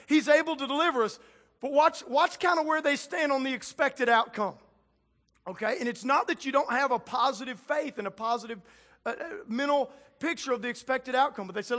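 A man preaching a sermon in an energetic, casual way, dropping slang asides as he goes. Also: very high voice.

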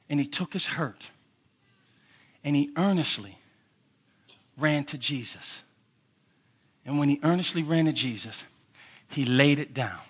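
A pastor giving a sermon, preaching with emphatic repetition and swinging between loud and hushed delivery. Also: male voice, mid-range voice, husky.

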